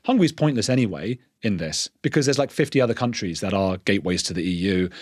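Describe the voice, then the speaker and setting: An English man, a podcast guest, talking in a quick, earnest way and restarting his sentences often. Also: lowish voice, lively intonation, no room sound, studio quality. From England. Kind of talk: conversational interview.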